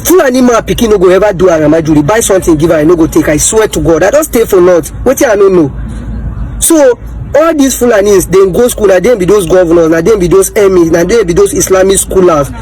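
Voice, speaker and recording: A man's voice: high-pitched, lively intonation, fast, mellow, faint music behind, a faint crowd, poor audio. A man with a Nigerian Pidgin accent talking boastfully to camera, with a sing-song lilt. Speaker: commentator.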